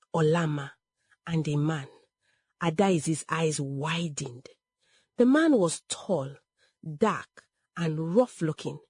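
A woman narrating a dramatic story in a slow, expressive, emotional way. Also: fairly low pitch, husky, no echo.

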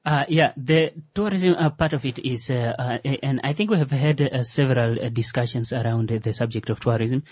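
A man talks through a casual radio discussion, stopping and restarting often and filling the gaps with fillers. His voice is husky and a little rough. The sound is dry and close, with no room around it. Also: mid-range voice, a little fast, hardly any pauses, darkish tone, no room sound. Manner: hesitant, many fillers and restarts. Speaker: co-host.

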